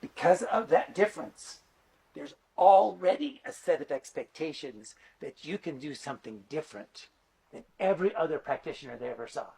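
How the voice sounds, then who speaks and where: His voice is a little high, gravelly and husky, moving at a normal speed. The middle-aged man is a teacher and conference speaker who narrates stories in an animated, conversational style with plenty of fillers.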